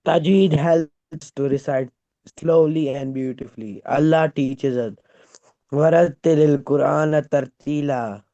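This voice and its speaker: Student reading aloud in a mellow voice, dull sound. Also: male voice, on the high side, steady tone, a little slow, no echo. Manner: reads aloud from a text.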